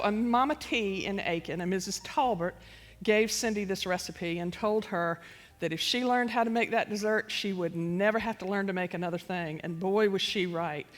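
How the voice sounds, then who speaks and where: A woman, hosting and telling chatty family stories about recipes. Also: medium pitch. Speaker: host sharing family recipes. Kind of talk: folksy storytelling. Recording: long reverb, faint music.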